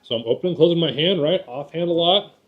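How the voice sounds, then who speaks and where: A man with a slightly high voice talks fast while teaching hunters to call geese. It's casual, folksy instruction full of repeated words and "right?" check-ins. The high frequencies are cut off.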